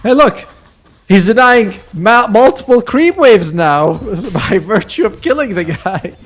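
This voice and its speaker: A man's voice: high-pitched, animated, a little slow. A man commentating a live esports match, chatty and joking as he breaks down the play. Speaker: esports caster.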